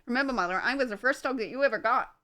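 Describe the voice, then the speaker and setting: A woman's voice: on the high side, rapid-fire, pushed and bright. A woman voicing her jealous female pet dog, pleading syrupily for affection.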